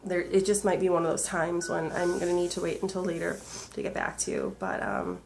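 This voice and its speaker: Tearful woman vlogger, earnest and halting. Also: lowish voice, sing-song, creaky, darkish tone, a little hiss or hum. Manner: earnest, halting, rambling with many fillers. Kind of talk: emotional personal video diary.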